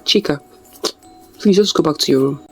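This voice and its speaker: A storyteller voicing a calm young father who speaks softly and reassuringly. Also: mid-range voice, breathy edge, faint music behind. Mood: firm. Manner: soft, reassuring, measured.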